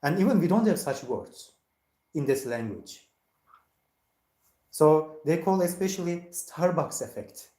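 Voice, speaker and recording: An IELTS teacher leading a practice speaking exam, lively and quick to laugh, slipping into playful impressions of casual speech. The voice sits at an ordinary pitch and carries a noticeable echo from the room around it. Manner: animated, laughs often, mimics slang voices. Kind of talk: mock speaking exam chat.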